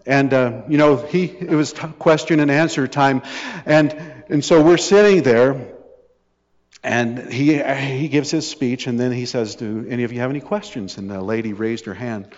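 A man's voice: medium pitch, normal speed. A middle-aged man preaching a sermon, telling personal stories with wry, sarcastic asides. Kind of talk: sermon storytelling. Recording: dull sound with long hall reverb.

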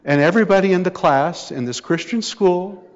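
A man's voice: high voice, normal speed. A middle-aged man preaching a sermon, telling personal stories with wry, sarcastic asides. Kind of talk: sermon storytelling. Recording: dull sound with long hall reverb.

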